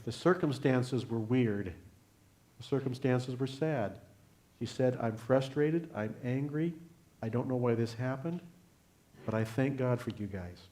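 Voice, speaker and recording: An older man, a guest speaker at a church, telling a personal faith story in an earnest, unhurried way and closing in prayer. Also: mid-range voice, warm tone. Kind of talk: sermon testimony.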